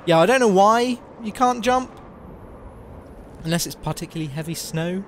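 A man's voice: high-pitched, animated, moderate pace, a little hiss or hum. A young man talking casually and swearing while playing a game, joking and rambling. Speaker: let's play host. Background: game music.

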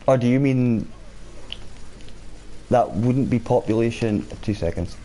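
Chatty male game streamer, mellow voice. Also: medium pitch, measured pace, slight background noise. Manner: chatty, reads and answers viewer chat while playing. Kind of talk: casual live-stream chat over gameplay.

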